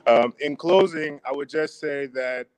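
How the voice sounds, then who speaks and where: A man, a company co-founder, giving polite, measured closing remarks as an interview guest. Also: fairly high pitch, a little mellow, clear, resonant tone.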